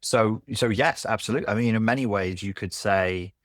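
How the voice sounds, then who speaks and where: A man speaking as a podcast guest in a candid conversation, blunt and animated, who swears freely. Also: lowish voice, brisk, dry recording, clean studio sound. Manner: blunt and animated, swears, acts out quoted voices.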